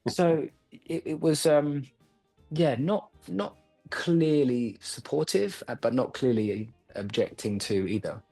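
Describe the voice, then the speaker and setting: A man from London, an actor and coach, answers interview questions in a medium voice, thinking aloud with pauses. His voice comes through a video call, with faint music underneath. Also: medium pitch, warm tone. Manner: thoughtful, with frequent pauses and restarts.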